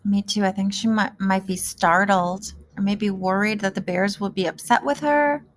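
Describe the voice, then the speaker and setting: A woman teaching a kindergarten class in a gentle, encouraging manner. She asks the children questions and answers them herself, in a mid-pitched voice. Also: moderate pace. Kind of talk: reading lesson for young children.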